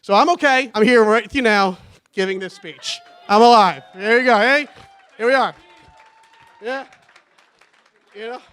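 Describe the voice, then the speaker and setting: A man's voice: high voice, unhurried, pauses often, fairly bright tone, some chatter behind. A man giving a rambling, nervous wedding toast for his brother, laughing often. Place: wedding reception.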